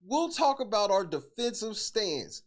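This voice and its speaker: Animated, profane man ranting casually. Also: high voice, measured pace. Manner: profane, animated, laughing between points. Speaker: podcast host. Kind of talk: casual podcast rant.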